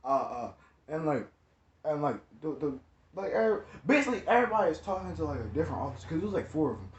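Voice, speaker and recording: Guy telling a storytime in slang, kinda high voice, echoey dull sound. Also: fast talker, slight background noise. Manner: slangy, animated, repeats himself. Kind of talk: casual storytime vlog.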